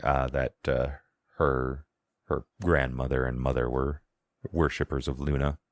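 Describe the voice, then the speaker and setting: A man narrating a tabletop role-playing game as game master, in a casual, halting way. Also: a bass voice, flat delivery, dry recording, clean studio sound. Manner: casual, halting, lots of fillers and laughs.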